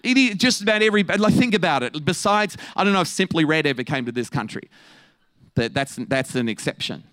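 A man preaching a sermon to his church, mixing jokes and quick asides with his message. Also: on the high side, dry recording. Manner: humorous, animated, quick asides with laughs.

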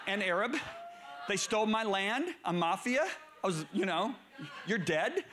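A middle-aged male preacher telling stories in a sermon, swinging between low murmurs and raised, excited bursts. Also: measured pace, heavy background noise. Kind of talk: storytelling sermon.

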